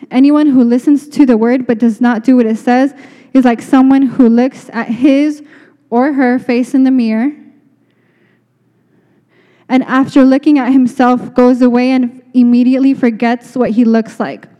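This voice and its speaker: A woman's voice: sits high, steady tone, unhurried, warm tone, lo-fi sound. A woman giving an earnest, conversational sermon with many restarts. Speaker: speaker. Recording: long reverb of a hall.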